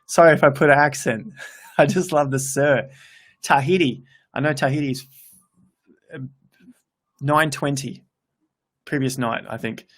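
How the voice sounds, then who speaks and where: An Australian man in his thirties hosts a crypto livestream from a home room with a laptop set up, chatting cheerfully as he reads comments and often correcting himself mid-sentence. His medium-pitched male voice is a bit bright, unhurried, and broken by long pauses as he thinks aloud and restarts.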